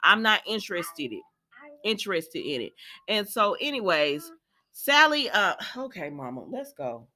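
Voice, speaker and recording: Animated, bright-voiced chatty woman. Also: mid-range voice, a little slow. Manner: talkative, addresses viewers as y'all, frequent asides; lively, acts out quoted lines with laughs. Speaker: soap opera recap vlogger. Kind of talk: casual chatty recap.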